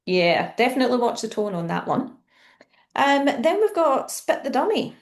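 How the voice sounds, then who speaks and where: A woman's voice: on the high side, sing-song, moderate pace. A woman from Scotland with a Scottish accent, a guest in a casual podcast chat, asking questions and laughing easily.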